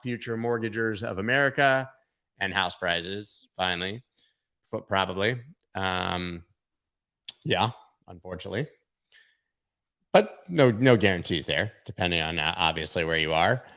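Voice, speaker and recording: A man's voice: on the low side, bright, forceful tone. A man hosting a casual market livestream, talking loosely with jokes and rambling asides. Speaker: host of a crypto market livestream.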